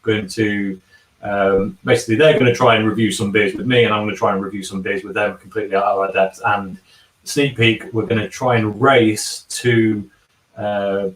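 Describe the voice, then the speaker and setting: A man's voice: fairly low pitch, fairly even intonation, normal speed. A man hosting a casual livestream from a bar, reading out chat comments and humming filler syllables between them. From England. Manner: chatty, hums filler syllables while scrolling comments. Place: bar and kitchen. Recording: echoey room, from a distance.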